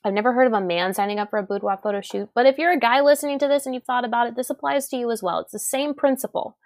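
A woman hosting a solo podcast, talking casually and chattily, laughing and quoting herself in lively asides. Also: fairly high pitch, very fast, no echo, clean studio sound. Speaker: podcast host.

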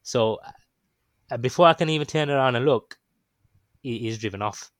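A man's voice: mid-range voice, moderate pace, a bit bright, no echo. A man casually telling a story, rambling and hesitant with lots of ums and restarts. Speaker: guest recounting his experience.

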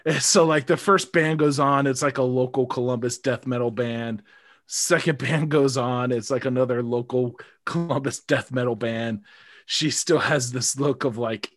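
A man's voice: medium pitch, a little slow, a bit bright. A man telling a story in a casual podcast chat, laughing often and mimicking the people he quotes.

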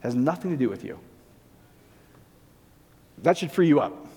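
A man with a fairly high voice delivers a loose, conversational sermon as pastor, repeatedly checking in with the congregation with rhetorical questions. His words ring out with a long reverb, as if from a large church sanctuary. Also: expressive, a little slow, creaky, darkish tone, breathy edge.

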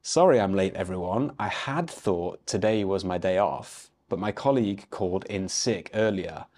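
A man's voice: low voice, moderate pace. A man voicing a laid-back, upbeat tour driver in his mid-thirties, without an accent. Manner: relaxed, upbeat.

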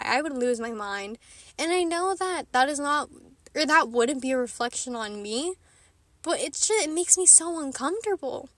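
A woman's voice: high voice, animated, normal speed, a bit bright, no room sound. A young woman talking frankly to her viewers in a rambling, casual way, often laughing. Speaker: vlogger. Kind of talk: candid casual chat to camera.

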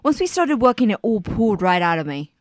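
A woman's voice: medium pitch, sing-song, fairly quick, dry recording, clean studio sound, close to an everyday voice. A woman doing an impression of a British pop star with a put-on London accent, blunt and slangy, in a comedy sketch. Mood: chatty. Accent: London English, put on.

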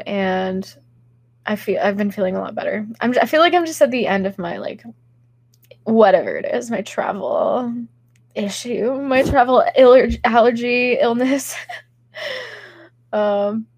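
A young woman hosts a casual livestream podcast, chatting with her chat while sick and stuffy, giggling a lot and using plenty of filler words. Her voice is a little high, captured as a dry, clean studio recording.

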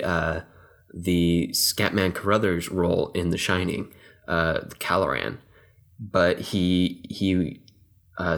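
Young man from Texas, deep voice, casual podcast co-host, rambling, full of fillers. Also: a bit bright. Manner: rambling, many fillers and restarts. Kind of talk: casual film discussion.

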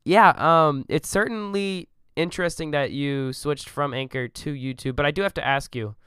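A man's voice: on the high side, normal speed, a bit bright, clear, resonant tone, no echo, clean studio sound. A man hosting a casual podcast interview, chatty, with frequent fillers and restarts. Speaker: podcast host.

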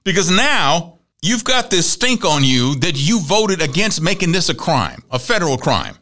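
A man's voice: a little high, sing-song, moderate pace, bright, forceful tone. A man hosting a talk show, casually running through news and celebrity gossip with wry asides and laughs at his own jokes.

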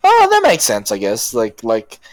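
Casual male podcaster, Australian accent, animated delivery, dry close mic. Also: medium pitch, unhurried, no room sound. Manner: animated, rambling, frequent fillers. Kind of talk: casual chat.

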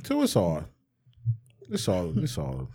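A man's voice: low-pitched, wildly swooping pitch, slow, creaky, dark tone, slightly rough. A man co-hosting a podcast, trading crude, boastful banter full of slang in casual chat. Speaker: podcast co-host.

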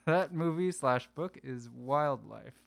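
A man's voice: mid-range voice, expressive, slow pace, gravelly. A young man in graduate school, a podcast guest, talking casually in short, hesitant answers. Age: young adult. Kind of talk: casual chat.

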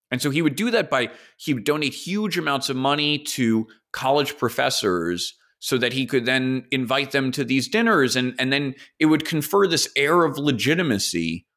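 A man's voice: medium pitch, fairly bright tone. A man hosts a solo podcast and tells a story in a loose, casual way. He speculates aloud and throws in the odd curse word. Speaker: podcast host.

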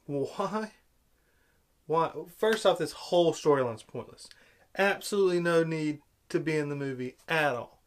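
A man's voice: on the high side, unhurried. A man ranting in film commentary, sarcastic and exasperated, repeating his complaints. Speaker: movie reviewer.

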